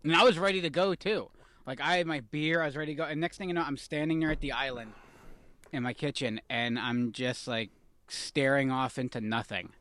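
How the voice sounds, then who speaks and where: A man's voice: mid-range voice, fairly quick, a bit bright, dry recording. Male podcast co-host, thirties, casual storyteller, self-mocking, mid-range voice. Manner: rambling storyteller, self-deprecating. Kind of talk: casual chat.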